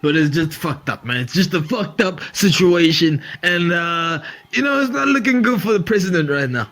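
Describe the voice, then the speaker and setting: A man's voice: high-pitched, expressive, moderate pace, fairly bright tone. A man hosting a comedy podcast, riffing animatedly, swearing freely and laughing often. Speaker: podcast host. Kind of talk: comedic monologue.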